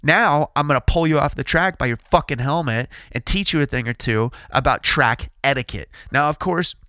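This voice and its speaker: A man in his thirties telling a racing story in a casual podcast chat, animated and profane, acting out the quotes. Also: on the high side, moderate pace, smooth, no echo, clean studio sound. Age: 30s. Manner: loud, excited retelling. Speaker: podcast host.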